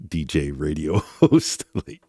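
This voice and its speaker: A man with a very low voice hosts a true crime livestream in a loose, rambling way, often turning to talk with his chat. The sound is dry and close, with no room echo. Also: big pitch swings, takes it slowly, dark tone. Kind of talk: casual livestream commentary.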